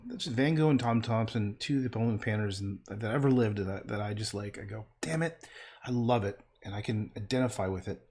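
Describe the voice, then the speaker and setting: A man's voice: mid-range voice, darkish tone, a little hiss or hum. A man painting and chatting casually on a livestream, rambling and trailing off into muttered asides.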